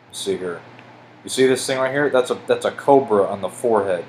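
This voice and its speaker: A man casually rambling over pictures as a video host, excitable and swearing, stumbling as he reads aloud. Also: medium pitch, a little fast, slight background noise, low-quality recording.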